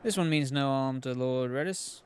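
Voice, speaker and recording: A man's voice: mid-range voice, moderate pace, a little mellow, clear, resonant tone, natural voice. A man voicing a blunt, loyal male sky pirate in a put-on accent while reading video game dialogue aloud. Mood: gruff.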